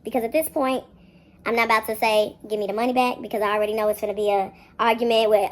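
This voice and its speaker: A woman tells a storytime straight to her viewers in a loose, slangy way. Her pitch leaps high whenever she acts out the people in her story, and she talks quickly when she gets worked up. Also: fairly even intonation. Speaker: storyteller vlogger. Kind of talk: casual storytime monologue.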